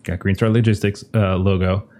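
A man narrates a tabletop horror game as its game master, describing scenes and calling for rolls in a relaxed way. His voice sits low, and he keeps a moderate pace.

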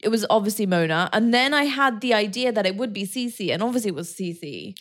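A woman's voice: mid-range voice, lively intonation, a little fast, a bit bright. Giggly young woman chatting. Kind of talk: casual chat.

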